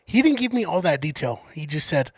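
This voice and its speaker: A man's voice: fairly high pitch, big pitch swings, a little fast, no echo. A man co-hosting a podcast, tossing in profane, joking remarks during casual chat. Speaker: podcast co-host.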